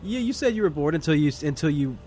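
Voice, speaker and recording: A man's voice: a little high, animated, fast talker, dark tone. A man co-hosting a podcast, chatting casually about a film and making wry, joking asides. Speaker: podcast co-host.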